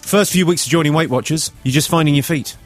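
A man, a comedian guest on a radio chat show, teasing and dry, explaining jokes slowly. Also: a little high, over music.

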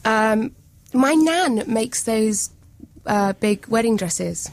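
A woman chats as a guest on a radio show. She is friendly and easygoing. Her voice sits slightly high. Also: animated, slow, a little mellow. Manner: laughing, friendly, chatty. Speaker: guest actress. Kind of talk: casual radio interview.

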